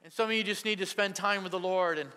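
Fervent high-voiced pastor in a reverberant hall. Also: male voice, fairly even intonation, quick pace, pushed and bright, clear, resonant tone. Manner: fervent, calls to the congregation. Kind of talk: sermon. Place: church sanctuary. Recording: long church-hall reverb.

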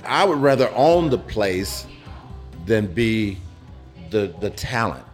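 A middle-aged man being interviewed in a pizza restaurant, telling his own story frankly with halting restarts. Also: lowish voice, very animated, faint music behind. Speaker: interviewee, former dancer turned business owner. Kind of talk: candid personal storytelling.

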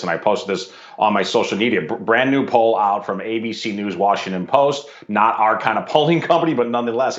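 Man guest pundit, low-ish voice, sounds roomy and kinda muffled, walks through numbers calmly. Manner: measured, argumentative, citing numbers. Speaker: guest commentator. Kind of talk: political talk show commentary. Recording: echoey, dull remote line.

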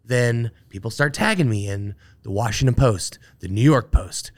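Man, guest on a chat show, mid-pitched voice, rambling storyteller, lots of asides. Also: normal speed. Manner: rambling, full of asides and acted-out quotes. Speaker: guest, brewer.

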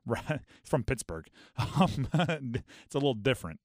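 A man hosting a sports talk radio show, talking in an animated, quick way and dropping into mock voices for bits. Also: medium pitch, no room sound, studio quality. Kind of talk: casual sports talk monologue.

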